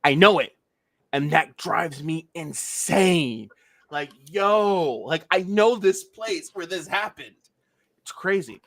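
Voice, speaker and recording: A man's voice: on the high side, expressive, slow pace, a bit bright, dry recording. A man from Pennsylvania hosting a casual livestream, walking through a legal filing and skipping the boilerplate. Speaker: livestream host.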